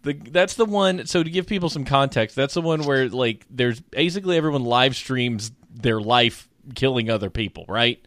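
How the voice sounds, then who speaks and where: A man's voice: mid-range voice, expressive, moderate pace, few pauses, a bit bright. A young man, co-hosting a podcast in casual chat, rambling and joking as he tells stories. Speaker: podcast co-host.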